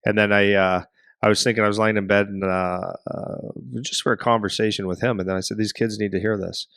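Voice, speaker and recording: Man, middle-aged, podcast co-host, rambling animated storytelling, dry close sound. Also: on the low side, fast, clean tone, no echo. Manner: rambling, animated storyteller who acts out voices. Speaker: podcast co-host and hockey parent.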